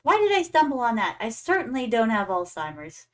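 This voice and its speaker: Young adult female streamer with a slightly high voice and an easy, playful chatter toward her viewers. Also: sing-song, brisk. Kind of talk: casual gaming stream chat.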